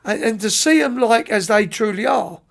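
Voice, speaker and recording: A middle-aged man, a youth soccer coach, telling lively, rambling stories as a podcast guest, often restarting and repeating words. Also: high-pitched, normal speed, vocal fry. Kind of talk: anecdotal storytelling in an interview.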